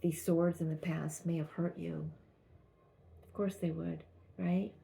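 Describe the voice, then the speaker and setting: Low, gravelly woman giving a tarot reading. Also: level tone, a little hiss or hum. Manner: halting, gentle, with many restarts. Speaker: tarot reader.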